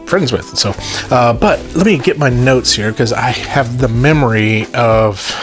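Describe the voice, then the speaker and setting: A Southern-accented man hosts his toy review vlog in a relaxed, chatty way, upbeat and fond of joking asides. His voice sits at an ordinary middle pitch, and faint music plays underneath. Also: unhurried. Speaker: toy review channel host. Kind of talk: casual vlog chat to viewers.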